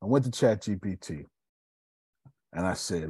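Male live-stream host, low husky voice, swings widely in pitch, preachy delivery. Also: unhurried, no echo, studio quality. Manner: animated and preachy, with Southern Black American slang. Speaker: host of a live video show. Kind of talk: casual live-stream talk.

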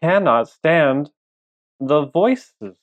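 A man chatting on a podcast panel, animated, joking and stumbling into restarts. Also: fairly high pitch, drawn-out words, no room sound, phone-quality sound. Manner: animated, jokes, stammers into restarts. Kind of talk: casual chat.

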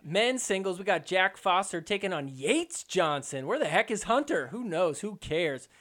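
Man, podcast host, excitable joking recap of match footage, slightly high voice. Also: normal speed. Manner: excitable, joking, mimics players in quotes. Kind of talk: sports recap commentary.

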